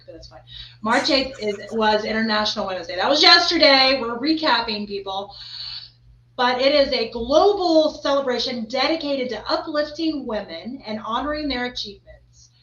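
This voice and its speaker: A podcast host chats casually, rambling and using lots of fillers. Her voice is fairly high-pitched with a fairly bright tone, and the recording sounds roomy and slightly dull.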